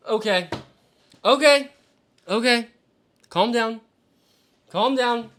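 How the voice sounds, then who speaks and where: A man hosting a live stream as he works through a mock draft, talking to himself and swearing freely. He swings between exasperated yelps and low mutters. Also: measured pace, pauses often, a bit bright. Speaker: fantasy football show host. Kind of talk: live-streamed solo commentary.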